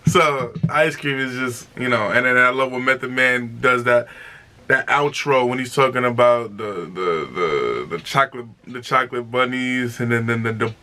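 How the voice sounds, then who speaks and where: Bright, punchy male reviewer reacting with excitement, exclaims and repeats himself, mid-pitched. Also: moderate pace.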